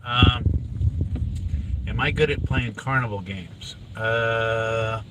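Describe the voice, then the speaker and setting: A man's voice: on the low side, slow, background noise. Chatty father talking from a car. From inland California. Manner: rambling, chatty, with many fillers. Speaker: father, vlog host. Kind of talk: casual chat while driving. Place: inside a car on a drive.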